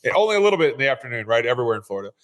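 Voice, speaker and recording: A man's voice: mid-range voice, sing-song, racing, fairly bright tone. A man who is a real estate investor, speaking as a guest in a casual interview, earnest and often repeating words as he restarts.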